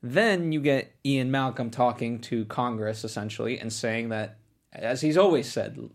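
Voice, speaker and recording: Man, mid-pitched voice, casual film talk, explains step by step. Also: unhurried. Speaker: podcast co-host.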